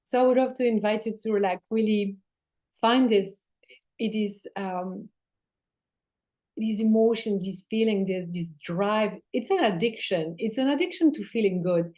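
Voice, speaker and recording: A woman spiritual teacher speaking as a guest in casual spiritual talk, swearing casually and sometimes dropping into soft near-whispers. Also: medium pitch, measured pace.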